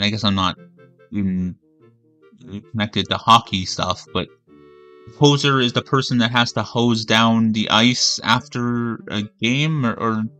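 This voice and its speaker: A man's voice: medium pitch, bright, forceful tone. A man from Canada ranting angrily and with a lot of swearing while streaming a game. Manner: angry, profane, rambling rant. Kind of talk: ranting commentary over a game.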